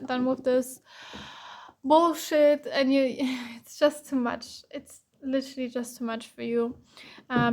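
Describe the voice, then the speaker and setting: A young woman from Germany with a German accent, giving a casual, chatty tarot reading and filling her talk with "like" and "um". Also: high voice. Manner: casual, chatty, heavy use of "like" and "um". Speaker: tarot reader. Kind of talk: pick-a-card tarot reading.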